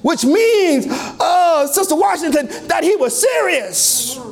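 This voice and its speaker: High-voiced, fervent preacher man. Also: expressive, takes it slowly. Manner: impassioned shouting and chanting, with rising cries. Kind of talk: fervent sermon. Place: church.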